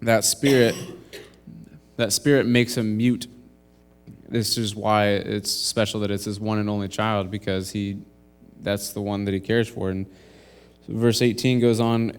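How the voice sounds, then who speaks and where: Young guy giving a sermon in church, smooth low voice, walks through the verses earnestly. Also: flat delivery, unhurried. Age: young adult. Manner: earnest, explains verses step by step. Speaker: intern preacher. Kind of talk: sermon with scripture reading.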